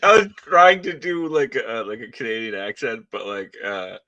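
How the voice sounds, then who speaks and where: Bright-voiced Boston man, halting chat. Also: medium pitch, sing-song, no echo, dull audio. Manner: stammering, halting, with many fillers. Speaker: wrestling podcast co-host. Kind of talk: casual chat.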